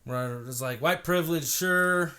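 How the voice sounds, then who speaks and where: A man's voice: fairly high pitch, measured pace, sharp tone. A man in his twenties from Oregon, co-hosting a crude comedy podcast with lots of laughing and swearing. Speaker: podcast co-host. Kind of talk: casual crude comedy chat.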